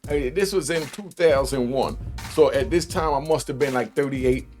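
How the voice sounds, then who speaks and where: A man's voice: medium pitch, normal speed, darkish tone, faint music behind. A man in his sixties hosting his own show, telling a rambling prison story in casual street slang, full of asides and restarts. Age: 60s. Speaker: host.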